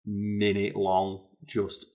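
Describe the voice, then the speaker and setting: A British man co-hosting a casual chat, telling stories in an animated way with lots of fillers. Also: lowish voice, very slow, muffled recording. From Britain. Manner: animated storyteller, many fillers. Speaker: podcast co-host.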